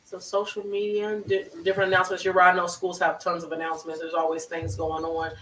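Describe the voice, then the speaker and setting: Therapist host: bright, forceful voice, emotional and encouraging, on a video call with a distant mic in a roomy space. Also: mid-range voice, completely flat delivery, fast talker, slight background noise. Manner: effusive, emotional, faith-filled encouragement. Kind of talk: warm encouraging closing remarks on a live web show.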